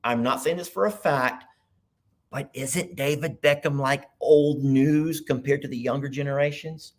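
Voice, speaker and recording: A man hosting a casual livestream from his computer, chatting loosely and thinking out loud as he goes. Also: mid-range voice, unhurried. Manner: rambling, chatty, thinks aloud. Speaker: livestream host. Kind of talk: casual live chat.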